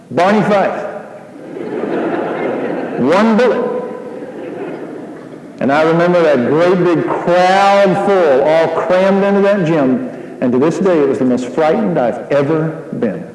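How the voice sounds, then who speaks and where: Man, sermon, animated storyteller, slightly high voice, reverberant hall. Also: a little hiss or hum. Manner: animated storytelling, acting out dialogue. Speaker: pastor. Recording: echoey hall.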